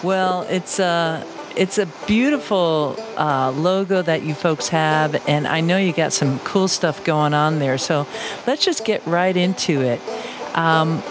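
A man's voice: on the high side, slow, music in the background. A man hosting a podcast, talking in an upbeat, chatty, rambling way while introducing a guest. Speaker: podcast host.

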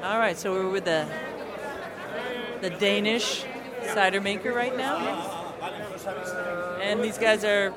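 A man hosting a podcast, giving slow, savoring tasting notes during a casual chat. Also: high-pitched, steady tone, a loud crowd. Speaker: podcast host tasting cider.

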